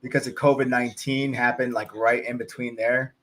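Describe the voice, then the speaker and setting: A man hosting a cricket watch-along in a loose, rambling chat style, often pausing on fillers. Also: mid-range voice, flat delivery, fairly bright tone. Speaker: cricket channel host.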